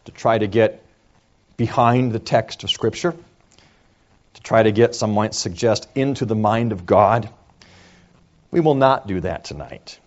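A male pastor preaching an evening sermon, shifting between quiet, low passages and raised, emphatic lines. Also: dull audio.

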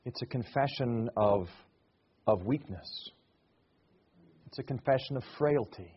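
A middle-aged male pastor preaching a sermon, rising to loud emphatic declarations and dropping to soft, hushed reflection. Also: medium pitch, a little slow, husky, muffled recording.

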